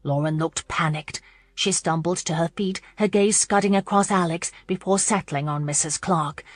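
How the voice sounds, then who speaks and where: A woman narrating a historical romance audiobook in a measured, expressive scripted read. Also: lowish voice, dry recording.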